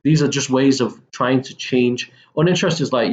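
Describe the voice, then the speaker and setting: A man's voice: mid-range voice, normal speed, dull audio. A man walking students through a textbook English lesson in a casual way, with many fillers and self-corrections. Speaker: English teacher. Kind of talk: recorded textbook lesson walkthrough.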